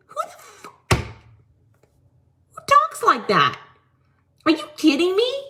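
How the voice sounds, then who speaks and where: A woman's voice: very high voice, wildly swooping pitch, slow pace, long pauses, bright, forceful tone. A woman hosting a live-selling show, ranting on her stream with mocking, exasperated disbelief and free swearing. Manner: swears freely.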